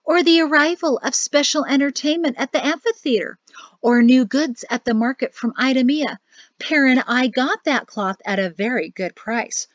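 A woman's voice: sits high, normal speed, no echo, voice pushed up, natural voice. A woman voicing a cheerful, pushy older mother-in-law who talks in a sing-song way. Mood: chirpy. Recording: dry, slightly muffled audio.

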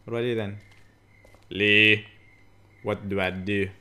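A man's voice: fairly low pitch, fairly even intonation, a little slow, sharp tone. A man playing a zombie game on camera, talking jokily and nervously, swearing and yelping at the scares, recorded on a desktop microphone at home. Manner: jittery, jokey, swears and yelps. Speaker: gaming YouTuber. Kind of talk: frightened let's-play commentary. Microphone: desktop USB microphone.

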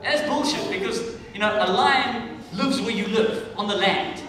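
A South African man doing stand-up comedy, loud and swearing, with shouted punchlines. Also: high voice, normal speed, very noisy. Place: comedy club stage with a laughing crowd. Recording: echoey club room taped from a distance.

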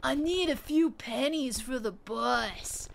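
A woman voicing a spaced-out, friendly stoned man in an alley, drawling slowly as she reads game dialogue. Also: sits high, creaky, a little hiss or hum, full character voice. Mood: mellow drawl.

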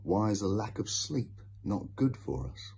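A man reading a children's devotional story and Bible verses, slow and deliberate. His voice is gravelly and deeply husky, with a mellow, dark tone and lively pitch movement. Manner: slow, expressive reading aloud.

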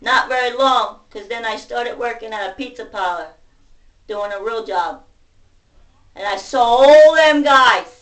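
A woman venting to camera in a profane rant, going from shouting to muttering. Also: a little high, measured pace. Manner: profane, ranting, swings between shouting and muttering. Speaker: vlogger. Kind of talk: angry venting monologue. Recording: voice distant from the mic.

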